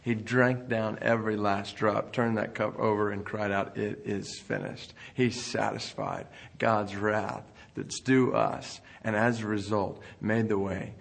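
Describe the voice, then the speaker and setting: A man's voice: fairly low pitch, flat delivery, unhurried, vocal fry, hardly any pauses. A man preaching a sermon in an earnest manner, building intensity as he speaks.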